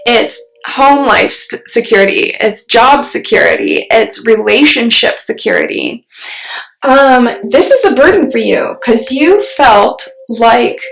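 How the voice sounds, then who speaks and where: A woman giving a solo tarot reading, musing aloud and pausing to put questions to spirit as she turns the cards. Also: a little high, vocal fry, fairly bright tone. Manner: slow, musing, talks to spirit mid-reading. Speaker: tarot reader. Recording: roomy echo.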